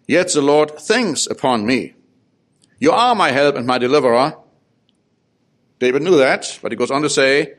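A man's voice: medium pitch, a bit bright. A man preaching a sermon who reads psalms aloud and explains them, with his voice rising on the pleas. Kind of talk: sermon with scripture reading.

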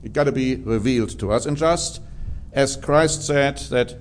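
A man's voice: mid-range voice, moderate pace, slight background noise. A man preaching a sermon, drawing out key words for emphasis.

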